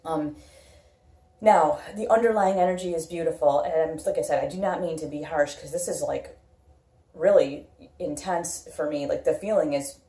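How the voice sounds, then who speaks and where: A woman's voice: sits low, normal speed, mellow, roomy sound. A woman giving a casual tarot reading, blunt and repetitive, thinking aloud with lots of fillers. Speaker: tarot reader.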